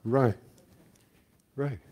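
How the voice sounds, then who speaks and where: An older man giving a talk as a guest teacher, telling stories in a relaxed way with frequent chuckles. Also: medium pitch, extremely slow. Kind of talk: storytelling talk.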